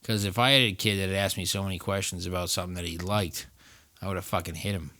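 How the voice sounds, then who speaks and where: A man's voice: low voice, fairly even intonation, fast, pushed and bright, dry recording. A young man co-hosting a podcast, swearing a lot and teasing his co-host in casual chat. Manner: profane, teasing, mocking.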